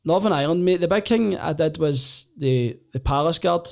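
A man with a Glaswegian accent, a comedian and former soldier, telling animated stories in casual chat and laughing often. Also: fairly high pitch, moderate pace, gravelly. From Glasgow, Scotland. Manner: animated, laughs often, acts out voices in anecdotes.

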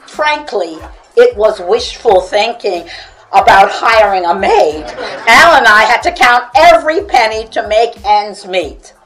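A woman's voice: a little high, poor audio. A woman reading her own book aloud with commentary, chuckling often between lines.

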